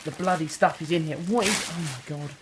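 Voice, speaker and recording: A young Englishman vlogs an unboxing in his bedroom, chatting and rambling with lots of fillers and self-deprecating asides. His voice is a little high and a little fast. The handheld camera mic gives noisy home audio, with crinkling packaging and clicks behind him.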